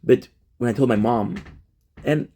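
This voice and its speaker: A man's voice: medium pitch, unhurried, warm tone, a little hiss or hum. A man in casual personal talk to camera, emotional and repetitive, swearing often. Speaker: vlogger.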